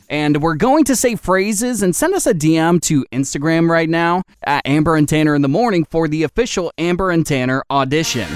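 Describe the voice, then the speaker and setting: A man co-hosting a morning radio show, chatting casually and playfully with his co-host. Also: fairly high pitch. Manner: playful, animated.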